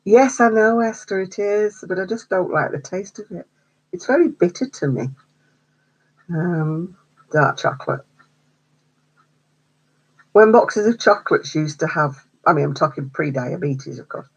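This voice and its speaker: A woman's voice: on the low side, animated, measured pace, pauses often, slightly rough, poor audio. A woman hosting a craft livestream, chatting casually with viewers, answering their comments and laughing often. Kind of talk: casual chat with live viewers.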